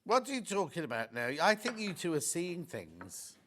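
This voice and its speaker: A man's voice: a little high, normal speed, slight background noise. A man, presenting live on a TV shopping channel in a chatty, storytelling way. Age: 60s. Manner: chatty, anecdotal, animated storyteller. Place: TV studio.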